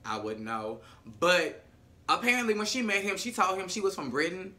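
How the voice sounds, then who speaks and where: A vlogger recapping a TV episode in a sassy, animated, profane storytelling manner. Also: medium pitch, moderate pace.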